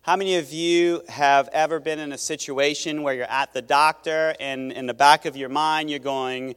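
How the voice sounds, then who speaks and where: A man's voice: fairly high pitch, steady tone, normal speed, few pauses, a bit bright, clean tone. A man preaching a sermon as pastor, in a conversational way that restarts phrases and questions his listeners. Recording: long reverb of a large hall.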